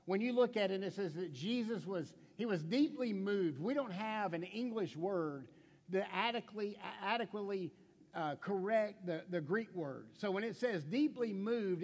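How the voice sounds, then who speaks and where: High-voiced pastor guy preaching, gets fired up then goes quiet, long hall echo. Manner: impassioned preaching, drops to hushed emphasis, asks the congregation direct questions. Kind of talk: sermon.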